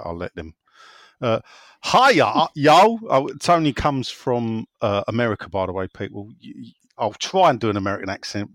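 In a dry recording, a lower-voiced man hosting a football podcast reads out listener messages. The chat is casual, lively, and full of jokes and laughter.

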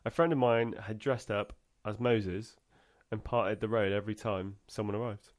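A man's voice: fairly low pitch, fairly even intonation, normal speed. A man co-hosting a podcast, reading out odd stories in casual banter and laughing often. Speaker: podcast co-host.

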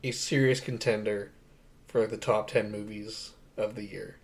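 A man's voice: fairly low pitch, steady tone, unhurried. Young male podcast co-host, eager and rambling, casual movie talk, laughs a lot. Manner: enthusiastic, rambling, laughs often. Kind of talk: casual movie review chat.

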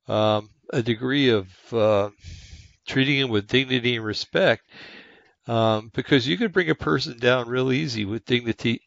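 Man, 60s, low gravelly voice, rambling casual talk, dull dry lo-fi recording. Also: fairly bright tone, dry recording. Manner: rambling, many fillers and restarts. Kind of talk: casual monologue.

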